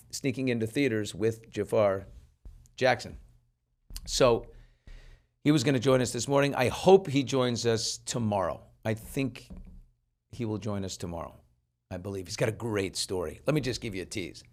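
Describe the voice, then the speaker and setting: A man hosting a talk show, chatting casually and telling stories with animation, acting out the people he quotes. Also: on the low side. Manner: animated storyteller who acts out quoted people. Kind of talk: casual chat.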